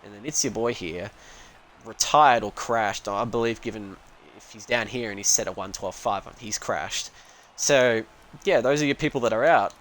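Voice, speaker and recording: A man's voice: fairly low pitch, normal speed, fairly bright tone, a little hiss or hum, rough recording. A man giving casual, rambling live commentary on a sim racing stream, full of joking asides.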